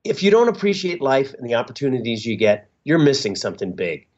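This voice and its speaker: A man's voice: mid-range voice, sing-song, fairly quick, a little mellow, dull audio. A middle-aged man being interviewed as a musician guest, talking in a reflective, openly sentimental way with easy fillers. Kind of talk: interview conversation.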